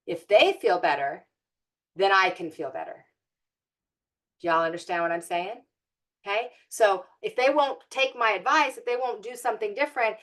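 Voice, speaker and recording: A woman's voice: mid-range voice, a bit bright. A middle-aged woman giving an inspirational spiritual talk to an audience, speaking conversationally, acting out everyday scenarios and asking listeners direct questions. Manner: conversational, acts out everyday scenarios in quoted voices.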